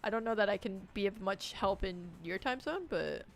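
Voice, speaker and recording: A woman streaming a game live, chatting and joking with viewers and shouting out loud when things go wrong. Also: mid-range voice, moderate pace, faint music behind. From United States. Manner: jokey, reacts loudly with sudden shouts. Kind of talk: live gameplay commentary.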